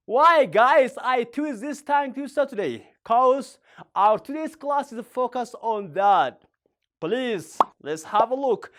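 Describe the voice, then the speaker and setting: A woman with an Ethiopian accent, a native Afaan Oromo speaker, teaching an English lesson slowly and switching often between English and Afaan Oromo. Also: a little high, big pitch swings, a bit bright. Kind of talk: bilingual language lesson.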